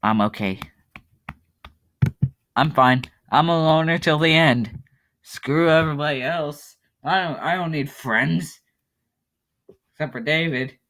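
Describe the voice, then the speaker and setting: A man's voice: a little high, slow, long pauses, fairly bright tone. A man giving casual commentary on a web game, rambling and mocking himself, often breaking into laughter. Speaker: YouTuber playing a web game.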